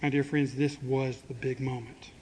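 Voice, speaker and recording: Conversational preacher in a reverberant church. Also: male voice, medium pitch, little pitch movement, moderate pace, a little mellow. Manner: conversational, rhetorical questions to the congregation; acts out quoted speech with humor. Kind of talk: sermon. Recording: long hall reverb, faint ambient noise.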